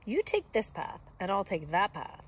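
A woman's voice: medium pitch, sing-song, moderate pace, slightly rough. A woman reading aloud and voicing a hungry, scheming wolf, sly and drawn out.

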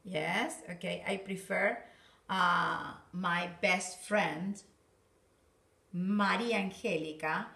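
Woman teaching english slowly, bright voice, kinda far from the mic. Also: fairly low pitch, vocal fry. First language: Spanish. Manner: slow and patient, checks in with "yes, okay?". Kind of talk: recorded online class. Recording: roomy, from off-mic.

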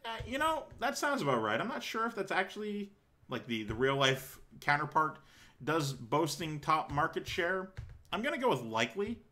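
Young male let's-player, casual commentary, jokes and swears, bright voice. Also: fairly high pitch, big pitch swings, normal speed. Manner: joking, swears, laughs at the script. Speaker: let's-play streamer. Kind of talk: casual commentary while reading a visual novel.

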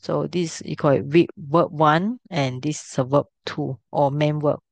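A woman's voice: sits low, steady tone, unhurried, vocal fry, dry recording. A middle-aged woman teaching a language class, patiently explaining step by step and checking if students can follow.

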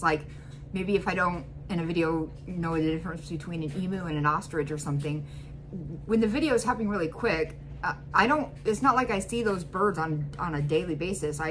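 A woman's voice: fairly low pitch, noisy background. An American woman vlogger talking to camera in a casual, rambling way, full of fillers and little laughs. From United States. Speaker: reaction vlogger.

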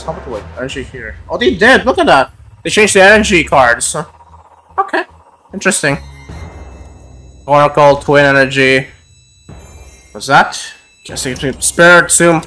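A man talks casually while opening card packs, rambling with lots of filler words as he reads off each card. His voice sits fairly high and moves a lot in pitch, and he speaks slowly. Faint music plays quietly behind him. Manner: rambling, many "like" fillers, naming cards aloud. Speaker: YouTuber opening trading cards.

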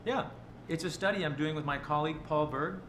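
A man's voice: fairly high pitch, brisk, a bit bright, reverberant, slight background noise, close to an everyday voice. An actor playing a friendly young male researcher who reassures his patient before a scan. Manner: chatty, reassuring, light laughs.

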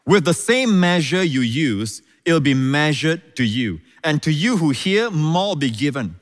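A man's voice: fairly high pitch, very animated, a little slow, few pauses. Male pastor preaching in an echoing hall. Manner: emphatic preaching, repeats key phrases, calls out "Hallelujah". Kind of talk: sermon. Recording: reverberant hall.

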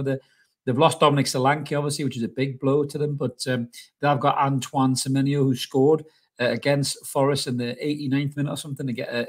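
Fast-talking football fan host. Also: male voice, mid-range voice. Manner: blunt, opinionated, swears about rivals. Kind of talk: casual match preview talk.

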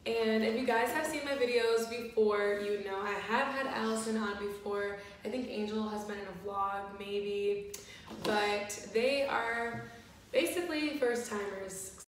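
A woman's voice: medium pitch, measured pace. A woman hosting a casual eating video, chatting to her friends and to viewers, with lots of "like" as filler. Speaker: YouTuber hosting a mukbang. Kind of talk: casual chat while eating. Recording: echoey room, distant mic, faint noise.

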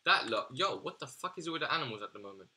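A man's voice: medium pitch, big pitch swings, very fast, bright, forceful tone. A young man giving casual, exasperated gaming commentary, swearing and slangy as he reacts. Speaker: gaming YouTuber.

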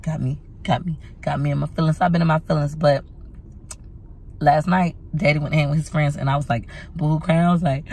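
A woman's voice: low-pitched, fairly even intonation, fairly quick, darkish tone. A woman vlogging in casual chat from her van, telling stories in a dramatic, chatty way. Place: parked van at a laundromat.

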